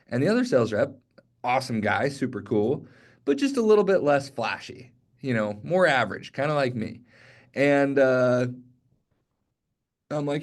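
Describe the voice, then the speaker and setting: A young adult man giving a motivational sales training talk, energetic and conversational, speaking straight to his team. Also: medium pitch, normal speed. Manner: energetic, conversational, direct address with frequent "okay?".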